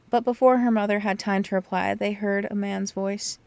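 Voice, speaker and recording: A woman's voice: medium pitch, fairly even intonation, normal speed, few pauses, darkish tone. A woman reading a novel aloud casually, chatty and swearing, often tripping over words and starting again. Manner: chatty, swears, stumbles and restarts. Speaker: podcast host reading aloud. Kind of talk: casual book reading with commentary.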